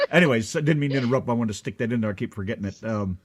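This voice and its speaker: A man hosting a show, rambling and joking in casual chat. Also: mid-range voice. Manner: rambling, joking, interrupts himself. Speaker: radio show host.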